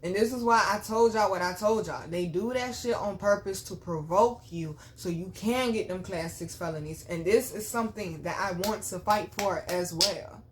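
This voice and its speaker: A woman's voice: mid-range voice, normal speed, hardly any pauses, slight background noise. Young woman host, mid-range voice, tells her story to camera bluntly with plenty of swearing. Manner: blunt, profane, talks straight to viewers. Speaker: channel host.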